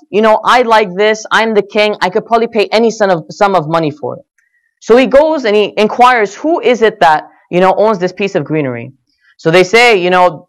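A man giving a religious talk, retelling a story with quoted dialogue, frequent "you know" fillers and recited Arabic verses. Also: sits high. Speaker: speaker at an Islamic center.

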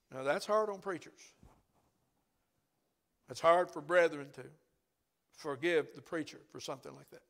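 An older preacher delivers a sermon in church, spinning a folksy story. His voice is gravelly and sits a bit high for a man, and he talks in a conversational way.

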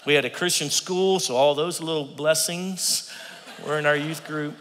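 A man in his fifties preaching a humorous sermon in a church, an animated storyteller who laughs often. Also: a little high, moderate pace, slight background noise. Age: 50s. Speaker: guest preacher. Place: church sanctuary. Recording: long reverb of a large hall.

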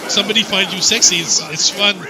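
A man's voice: sits high, steady tone, fast talker, low-quality recording. A man chatting casually during a game playthrough, telling a rambling story with restarts and chuckles. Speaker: co-host of a gaming channel. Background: game music.

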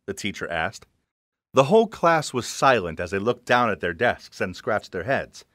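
A young man narrating a first-person animated story in an earnest way. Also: lowish voice, normal speed, dry recording, clean studio sound.

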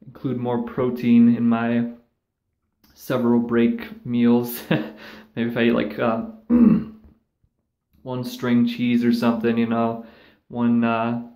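A man's voice: mid-range voice, completely flat delivery, slow, long pauses, mellow. Rambling, profane man in an echoey room. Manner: rambling, profane, sarcastic, with mocking put-on voices. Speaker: vlogger. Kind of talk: casual ranting monologue.

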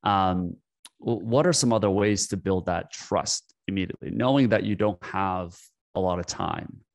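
A man's voice: sits low, normal speed, creaky. A man hosting an interview, asking thoughtful questions and restating his guest's points. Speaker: podcast host.

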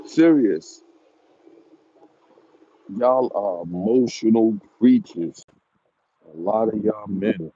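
A man's voice: lowish voice, slow pace, pauses often, dark tone, slight background noise. A man who breeds dogs, ranting at his viewers in a taunting, repetitive, mocking way with chuckles. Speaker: dog breeder. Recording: dull lo-fi recording.

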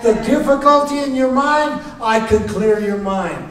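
A man voicing God as a commanding male deity, declaring loudly. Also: very high voice, measured pace, pitched above the performer's own voice. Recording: very echoey hall, voice from far off.

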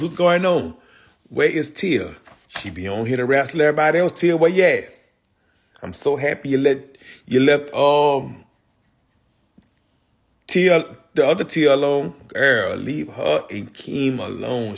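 A man's voice: mid-range voice, lively intonation, moderate pace, gravelly, a bit bright, slight background noise. A man hosting a casual livestream, talking in loose street slang, repeating himself and calling out viewers by name. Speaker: livestream host.

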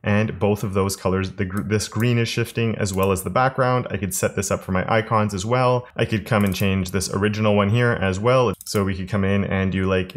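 A man teaching web development in a screen-recorded coding tutorial, thinking aloud in a relaxed way with fillers and restarts. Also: fairly low pitch.

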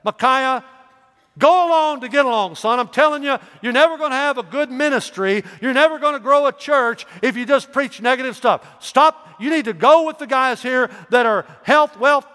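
A man's voice: very high voice, smooth, in a large hall, voice pushed up. A man voicing a pushy male messenger who urges a prophet to go along with the crowd. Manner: coaxing, insistent, loud. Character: pushy male royal messenger urging conformity.

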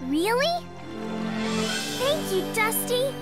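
A woman's voice: very high-pitched, big pitch swings, very slow, heavily acted. A woman voicing an eager, cheerful young mermaid girl in a cartoon, with music playing behind. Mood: playful. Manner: bright and eager, sing-song. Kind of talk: cartoon voice acting.

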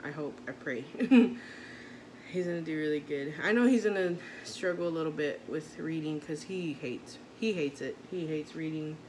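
A woman's voice: low-pitched, normal speed, a little mellow. Mom in her 30s rambling to the camera, heartfelt, lots of restarts, noise behind her. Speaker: vlogger, mother. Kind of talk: casual chat to camera. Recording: noisy background.

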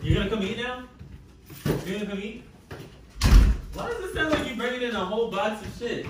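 A man vlogging a prank at home, chatting casually in slang with an animated, giggly manner. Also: brisk, heavy reverb, far from the mic, very noisy. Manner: animated, slangy, giggly, swings into high voices when quoting. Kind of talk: casual prank vlog chat. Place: home living room.

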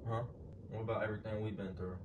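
A man's voice: on the low side, flat delivery, quick pace, muffled recording. A young man in a casual argument at home, talking in a teasing, slangy, laid-back way. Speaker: prankster vlogger. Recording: roomy, distant and noisy.

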